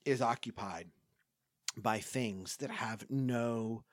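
A man's voice: medium pitch, slow, no room sound. Male host, passionate and pleading, dry close mic. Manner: impassioned, pleading, repeats himself. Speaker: podcast host. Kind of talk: casual discussion.

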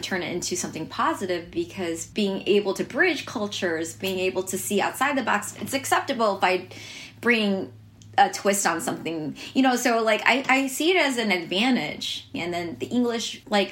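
A woman's voice: mid-range voice, fairly bright tone, slight background noise. Chatty American woman chef, lots of fillers. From United States. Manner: chatty, many fillers and restarts, laughs often. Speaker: chef and restaurant owner. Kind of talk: casual interview storytelling.

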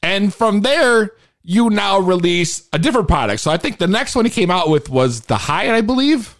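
A man hosts a casual podcast interview with a high, lively voice that leaps up and down. He is excitable, quick to laugh and swears freely as he chats. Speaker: podcast host.

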